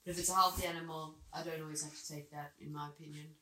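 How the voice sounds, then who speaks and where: A woman's voice: racing, a little hiss or hum. A woman from South Africa, a vet and podcast co-host, chatting casually and laughing often. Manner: giggly, animated, slips into high exaggerated voices when quoting herself. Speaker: podcast co-host, veterinary surgeon. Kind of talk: casual chat. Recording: roomy echo.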